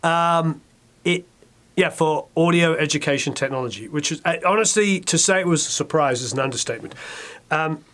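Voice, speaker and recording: A middle-aged man with an English accent chats as an interview guest, his voice sitting a little high. He tells stories with animation, tossing in quick asides and acting out quotes. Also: fairly bright tone. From England. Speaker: record producer, interview guest. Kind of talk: casual interview chat.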